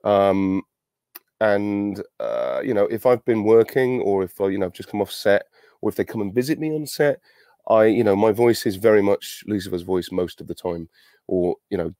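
A man's voice: low voice, warm tone, no room sound, studio quality. Chatty man thinking aloud. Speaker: actor answering fan questions. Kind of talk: virtual Q&A panel.

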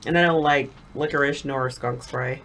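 A woman's voice: extremely low pitch, steady tone, moderate pace, a bit bright, a little hiss or hum. A woman co-hosting a casual taste challenge video, groaning and laughing at the flavors. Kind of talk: casual on-camera chat.

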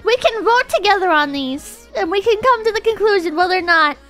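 A woman streamer chatting casually to her chat, excitable and swearing, often breaking into shouts. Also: very high voice. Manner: excitable, swears a lot, bursts into shouting and laughter. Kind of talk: casual live-stream chat reading posts to chat.

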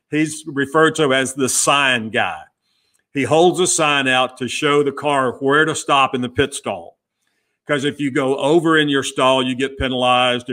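A middle-aged man with a bright, forceful voice tells a story as a podcast guest. He slips into the voices of the people he quotes and keeps the tale moving in an easy, conversational way. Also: medium pitch. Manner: lively storyteller who acts out quoted dialogue. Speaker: guest, former pit crew member. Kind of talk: casual storytelling interview.

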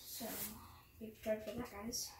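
A woman's voice: fairly high pitch, monotone, normal speed, heavy background noise. A woman vlogger chatting casually at home while showing off her collection, rambling and apologizing often, sometimes dropping to a whisper. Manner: rambling, apologetic, self-deprecating; drops into whispers at times. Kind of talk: casual show-and-tell vlog.

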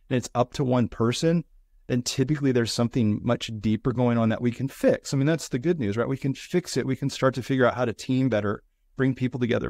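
A man's voice: medium pitch, a little mellow, no echo, studio quality. A middle-aged man, a business consultant guest on an interview podcast, earnestly and reflectively recounting lessons in short, building phrases. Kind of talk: conversational interview storytelling.

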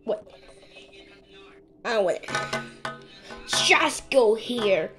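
Slow, high-pitched woman playing with toys. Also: music in the background. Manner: broken English, slow and animated, scolding and squealing. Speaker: toy play narrator. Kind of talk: playful toy play with minion figures.

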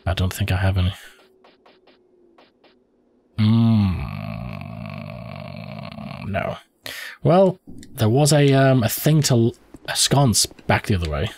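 A husky man hosting a let's play, swearing and reacting as he plays. His voice swings widely up and down as he talks his choices through aloud. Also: fairly low pitch. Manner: profane, reactive, thinking aloud. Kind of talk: live gameplay commentary.

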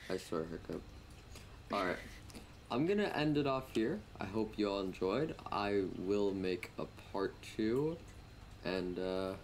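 A man's voice: on the low side, big pitch swings, unhurried. A young man giving casual, teasing commentary while playing a game with a friend. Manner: joking, teasing banter. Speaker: gaming YouTuber. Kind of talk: casual let's-play commentary. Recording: noisy gameplay capture.

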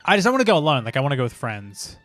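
A man's voice: medium pitch, very animated, very fast, fairly bright tone, soft background music. A young man, out of breath from dancing, chatting casually and profanely as he streams a dance game. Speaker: gaming streamer. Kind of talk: casual let's-play commentary.

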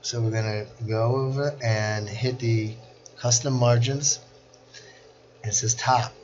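Slow, methodical male tutorial instructor. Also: medium pitch, fairly even intonation, darkish tone, muffled recording, slight background noise. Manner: slow, step-by-step, talking through clicks. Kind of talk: screen-recorded software tutorial.

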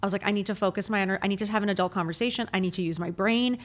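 A woman's voice: medium pitch, rapid-fire. A middle-aged woman, a podcast guest, telling her personal story candidly and with animation, full of filler phrases.

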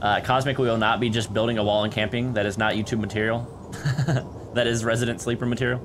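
A man hosting a live-streamed game, chatting with a teammate and viewers, laughing often and excitable. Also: mid-range voice, quick pace, noisy background. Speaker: streamer and gaming host. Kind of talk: live-streamed gameplay chat.

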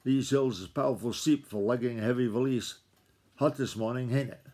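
A man's voice: medium pitch, brisk, mellow, lightly acted. Dad doing sly old farmer guy, drawly backwoods talk, snickery. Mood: wheedling.

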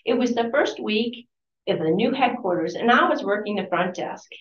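A woman reads from a memoir at a library talk, breaking off for conversational asides and quick self-corrections. She sits well back from the microphone. The sound is roomy, echoing and muffled. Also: medium pitch, lively intonation. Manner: conversational, corrects herself mid-sentence. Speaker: author giving a book talk. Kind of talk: reading aloud from a memoir with chatty asides. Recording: distant, roomy and dull-sounding.

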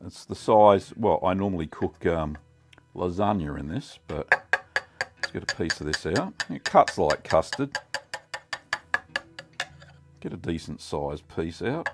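A middle-aged Australian man hosting a casual cooking vlog, chatty and relaxed with many ums. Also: low voice, unhurried, pauses often, soft background music. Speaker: cheesemaking channel host.

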